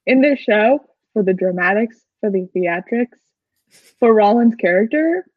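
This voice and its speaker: Woman, podcast co-host, casual fan recap, very expressive pitch, dull lo-fi sound. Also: no echo. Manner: animated and enthusiastic, quick asides with laughs. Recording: dry, dull lo-fi recording.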